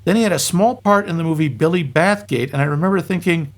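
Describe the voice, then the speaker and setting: A man's voice: on the high side, fast talker. A man co-hosting a film podcast, chatting casually and joking wryly while reading listener comments aloud. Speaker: podcast co-host.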